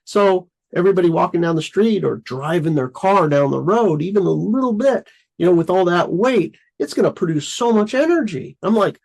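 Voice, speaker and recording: A man with a somewhat high, gravelly voice that runs husky, talking casually in a rambling way. He piles on fillers and bursts into lively acted-out versions of his own thoughts. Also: normal speed, poor audio. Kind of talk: casual conversation.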